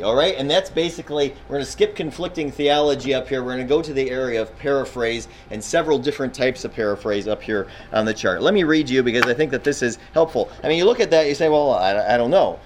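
A man's voice: medium pitch, animated, a little fast, poor audio. A man leads an informal Bible class in a classroom, in a mid-range voice. He talks in a loose, conversational way, throws questions out to the students and often backs up to restart a sentence. Faint noise sits under the recording.

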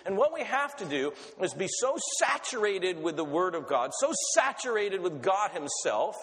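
Lively preacher in a reverberant hall. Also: male voice, high-pitched, normal speed. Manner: animated, conversational preaching that asks the audience questions. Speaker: pastor. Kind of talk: sermon.

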